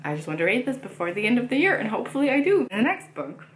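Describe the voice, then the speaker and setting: A woman's voice: on the high side, sing-song, fast talker, a little hiss or hum. Chatty woman book vlogger, echoey room. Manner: chatty, rambling, frequent ums and likes. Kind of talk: casual book chat.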